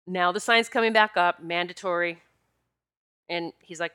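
A woman with a lowish voice addresses her viewers at a moderate pace, her delivery pushed and bright, clear and resonant. Speaking casually to camera as a vlogger, she's emphatic and often repeats lines to make a point.

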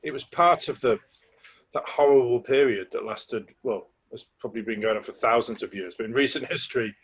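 A man rambles through a casual podcast discussion, doubling back on words as he works out his point. His voice is husky and a little rough around the edges. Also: mid-range voice, a little fast. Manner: rambling, repeats words while thinking. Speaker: podcast co-host. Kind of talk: casual chat about a TV play.

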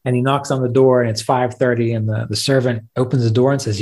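This podcast host has a mid-range, darkish voice with little pitch movement, speaking at normal speed. He gives a spoken teaching talk on meditation, reflective and conversational, and tells stories using plain fillers.

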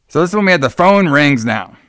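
A man's voice: a little high, expressive, fast, a bit bright, no echo, studio quality. A man co-hosting a casual podcast, recapping a horror movie in a rambling, profane way full of fillers.

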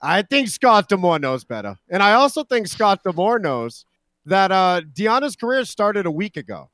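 A man's voice: high voice, sing-song, normal speed, fairly bright tone, no echo, studio quality. A man co-hosting a casual wrestling chat, brash and profane, trash-talking his co-hosts. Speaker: podcast co-host.

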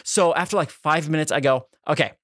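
A man's voice: a little high, brisk, no echo, clean studio sound. A young man co-hosting a podcast, telling a rambling comic story with lots of swearing, filler words and acted-out quotes. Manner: animated, profane, acts out quotes, many "like" fillers. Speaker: podcast co-host. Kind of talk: casual comedic storytelling.

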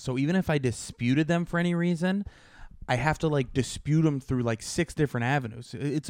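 A man co-hosting a casual podcast, telling stories with lively acted-out dialogue. His voice is smooth and resonant at a mid pitch. The recording is close and dry, with no room sound. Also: no echo. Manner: animated storyteller, acts out both sides of a phone call. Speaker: podcast co-host.

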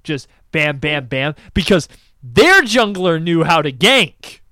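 A young man chats about games with a voice that leaps up and down in pitch. He rants and swears, breaking into loud outbursts. The sound is dry and close, with no room echo. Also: slow. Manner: profane, animated ranting with loud outbursts. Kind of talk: casual chat about video games.

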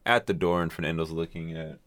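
A man's voice: low-pitched, fairly even intonation, fast, a bit bright, no room sound. A man co-hosting a casual podcast, telling a profane, laugh-filled story among friends. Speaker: podcast co-host.

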